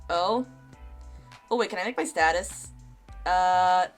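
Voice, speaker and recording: A woman's voice: lowish voice, moderate pace, clean tone. A woman streamer casually commenting while she plays a game, joking crudely and laughing often. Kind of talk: let's play commentary. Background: faint game music.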